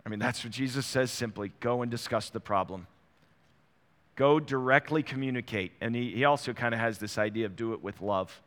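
A man's voice: medium pitch, a little fast, few pauses, fairly bright tone. A middle-aged man preaching a sermon as pastor, in a conversational way that acts out small everyday dialogues. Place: church sanctuary. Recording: long hall reverb.

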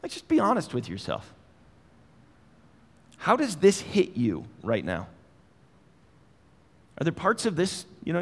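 A man's voice: a little high, creaky, long reverb tail. A man preaching a sermon in a conversational way, asking his listeners direct questions. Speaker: pastor.

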